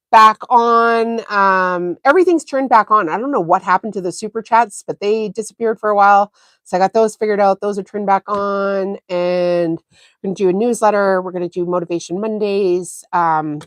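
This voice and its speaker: A woman's voice: mid-range voice, dry recording. A chatty woman hosts a casual sewing livestream, spinning a story with plenty of fillers. She acts out quoted dialogue with animation, and her voice sounds close and dry. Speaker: sewing channel host.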